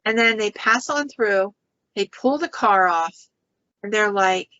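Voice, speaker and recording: A woman host tells ghost stories in an animated, chatty way, often stopping with "um" and starting over. Her voice is bright and forward, and the recording sounds dry and a bit dull. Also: mid-range voice, measured pace, no room sound. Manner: animated storyteller with frequent ums and restarts. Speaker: podcast host. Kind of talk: casual ghost-story telling.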